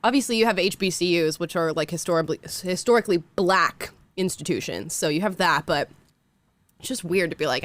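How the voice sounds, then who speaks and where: A woman's voice: on the low side, fairly quick, a bit bright. A young woman hosting a reaction stream, chatting casually and laughing often at what she watches. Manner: laughs often, jokey asides.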